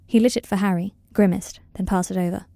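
Calm woman narrator with gravelly tone. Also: medium pitch, fast, dry recording. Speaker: audiobook reader. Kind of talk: scripted narration.

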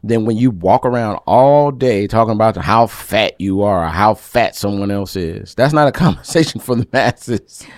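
A man co-hosting a casual podcast chat, playful and animated, acting out little scenes as he talks. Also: fairly low pitch, normal speed, hardly any pauses, no echo, studio quality. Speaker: podcast co-host.

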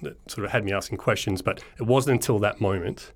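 Low-voiced Australian man telling his story. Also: quick pace. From Melbourne, Australia. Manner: easygoing, reflective, laughs often. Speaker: guest, charity founder. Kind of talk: casual interview storytelling.

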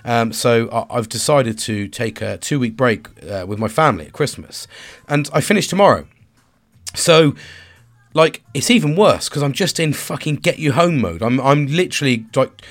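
A man, stressed and tired, talking frankly to the camera in a rambling, sweary confessional monologue. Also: medium pitch. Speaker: vlogger and father.

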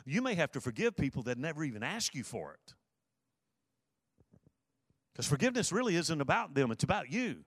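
A man's voice: on the high side, very animated, brisk, long pauses, breathy edge, no room sound, studio quality. A man preaching a sermon, earnest, repeating his key phrases for emphasis. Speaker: pastor.

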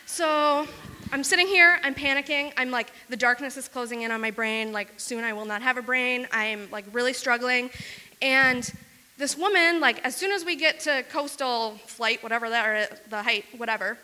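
A woman from Wisconsin telling a self-mocking story on stage, fast and full of "like". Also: on the high side, sharp tone, big-room sound. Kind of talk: live comic storytelling.

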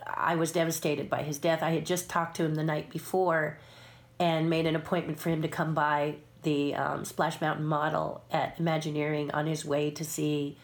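Older lady puppeteer spinning stories, kinda low voice, does little voices for people. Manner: animated storyteller acting out quoted voices. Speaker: guest puppeteer and sculptor. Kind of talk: casual storytelling interview.

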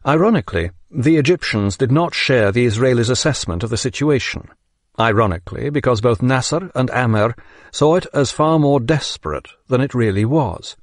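A man narrates a history audiobook at a measured, steady pace. His voice sits in an ordinary middle register. The recording is close and dry, with no room sound around him. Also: mid-range voice, dry recording.

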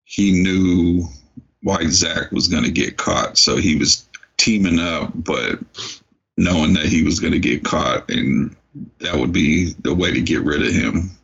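A man co-hosting a podcast, chatting casually about a film in a gravelly, husky voice. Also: sits low, a little slow, fairly bright tone, dull audio. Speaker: podcast co-host. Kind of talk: casual movie discussion.

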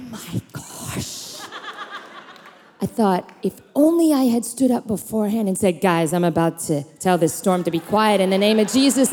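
A woman preacher in her thirties telling personal stories in an animated sermon, acting out voices and leaping in pitch. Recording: long hall reverb.

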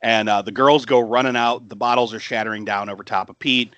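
A man's voice: medium pitch, steady tone, fairly quick, a bit bright, dry recording, highs cut off. A man hosting a podcast who retells a film in casual chat, laughing often and swearing freely. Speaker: podcast host.

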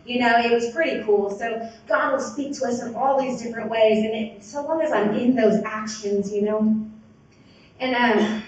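A woman's voice: on the high side, steady tone, normal speed, a little hiss or hum. A woman sponsor giving a personal recovery testimony at a meeting, talking casually and rambling with many fillers. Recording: very echoey hall, voice from far off, dull sound.

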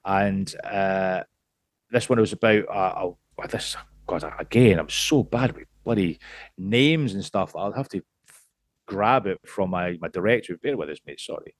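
A man's voice: deep voice, measured pace, no room sound, studio quality. Rambling Scottish-born man in his late 30s. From Scotland. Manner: rambling, swears freely, many restarts. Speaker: podcast guest. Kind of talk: casual podcast chat.

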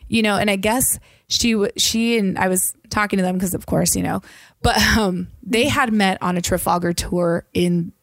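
A woman's voice: medium pitch, normal speed, no room sound, studio quality. A woman in casual podcast chat, telling travel stories with lots of fillers and quoted voices.

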